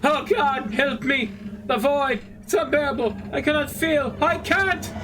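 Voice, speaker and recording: A tormented human brain sealed inside a machine begs for release in an anguished, pleading voice, as a man puts it on while playing a game. The voice sits very high for a man. A steady noise runs underneath the recording. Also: measured pace, far from the mic. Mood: desperate. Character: desperate male human brain trapped in a machine.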